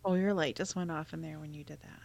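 Woman co-host, lowish gravelly voice, blunt reactive chat. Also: fairly even intonation, fast, a little mellow. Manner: reactive, blunt, swears freely. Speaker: podcast co-host. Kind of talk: casual chat.

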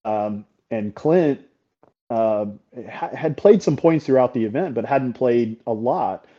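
A middle-aged paintball coach talking as a podcast guest, candid and blunt, swearing freely and often checking in with "right?". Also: male voice, mid-range voice, slow pace. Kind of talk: casual interview talk. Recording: slightly dull podcast audio.

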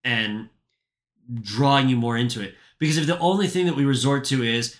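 A man's voice: medium pitch, normal speed, fairly bright tone. A man talking bluntly in a casual podcast chat, swearing freely and pressing his point.

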